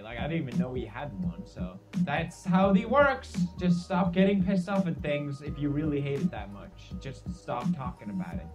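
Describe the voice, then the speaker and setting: A man giving comedic news commentary with sarcastic, mock-outraged jokes. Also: on the high side. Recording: distant voice over loud music.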